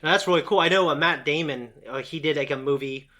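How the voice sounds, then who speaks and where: A man's voice: a little high, fast, bright, forceful tone. A young man co-hosting a reaction show, chatting casually and rambling with lots of fillers and restarts. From grew up around rural American South. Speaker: co-host of a reaction channel. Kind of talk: casual chat.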